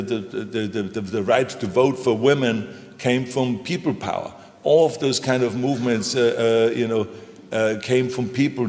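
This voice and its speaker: A man's voice: mid-range voice, a little mellow. An older man, a former governor, speaking as the guest in an onstage conversation, emphatic and folksy, hammering home short punchy phrases. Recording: echoey hall.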